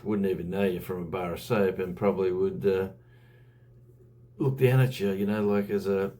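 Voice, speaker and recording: Aussie bloke vlogging, low mellow voice, chatty and rambly, lots of ums. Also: male voice, fairly even intonation, moderate pace. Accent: Australian. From Australia. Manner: rambling, conversational, with frequent fillers. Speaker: YouTuber. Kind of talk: casual vlog monologue.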